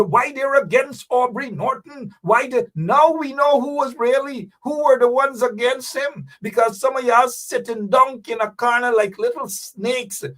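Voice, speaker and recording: A man's voice: extremely high pitch, fairly bright tone, recorded from a distance. A man with a Guyanese accent hosting a political commentary show, ranting and scolding with rhetorical questions. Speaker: host.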